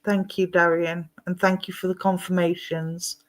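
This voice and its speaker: A woman's voice: lowish voice, level tone, normal speed. Woman giving psychic readings. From London. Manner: warm, chatty, calls viewers "my darling". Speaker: psychic medium. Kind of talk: live-streamed psychic readings.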